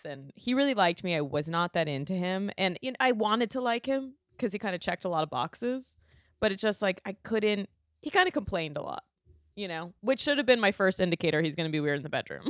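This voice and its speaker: A woman's voice: medium pitch, fairly bright tone, no echo, studio quality. A woman on a podcast as a guest comedian, telling a frank, bawdy story in casual chat.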